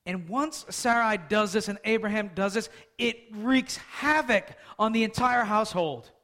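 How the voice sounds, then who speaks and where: A male preacher with a notably high voice. He preaches conversationally, asking his listeners questions as he goes. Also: a little slow, sharp tone. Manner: conversational, asks the audience questions. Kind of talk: sermon.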